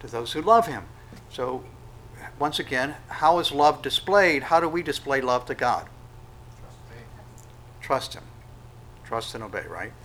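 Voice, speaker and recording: Male pastor, conversational sermon delivery, bursts of loud acted-out dialogue, crisp bright tone. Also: mid-range voice, lively intonation, moderate pace, slight background noise, low-quality recording. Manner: conversational preaching with sudden loud acted-out quotes.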